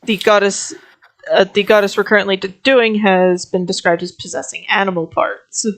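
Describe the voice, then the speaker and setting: A woman player in a tabletop game, chatting casually and making dry, unhurried jokes. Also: medium pitch, fairly even intonation.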